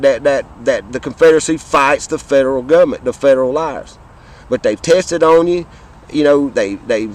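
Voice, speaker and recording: A man in his fifties with a thick Southern drawl speaks outdoors in an impassioned, rambling monologue. He swears freely and stumbles over repeated words. His voice sits a little higher than most men's. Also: rough recording. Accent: Southern American. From Southern United States. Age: 50s. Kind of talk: casual monologue to camera.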